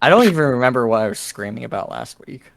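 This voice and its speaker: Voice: mid-range voice, lively intonation, quick pace, gravelly. A friend on a live stream, teasing bluntly and swearing. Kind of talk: casual chat on a live stream.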